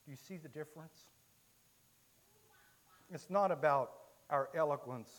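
A man from Illinois preaching a sermon, telling a story with many halting restarts. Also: on the high side. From Illinois, USA.

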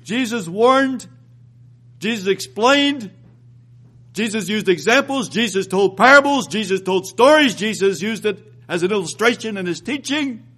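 A man preaching a sermon, reading scripture aloud and repeating phrases, rising and slowing down to drive points home. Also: sits high, expressive, fairly bright tone, breathy edge. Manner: reads scripture aloud, rises and slows for emphasis.

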